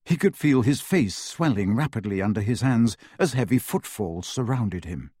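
A man reading a novel aloud as narrator, in a lively, expressive way that acts out the action. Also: medium pitch, moderate pace, husky, no room sound, studio quality. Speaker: audiobook narrator. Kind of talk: scripted story narration.

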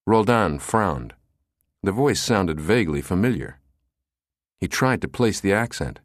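A male narrator reads a thriller audiobook in a very low, deep voice. His pitch rises and falls with the story. The recording is dry and close to the mic. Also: lively intonation, a little slow, dry recording. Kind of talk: scripted narration of a thriller novel.

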